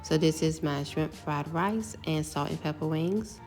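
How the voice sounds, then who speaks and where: A middle-aged woman casually talking through her home cooking step by step, relaxed and chatty. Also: deep voice, a little slow, faint music behind. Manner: relaxed, step-by-step explaining with fillers.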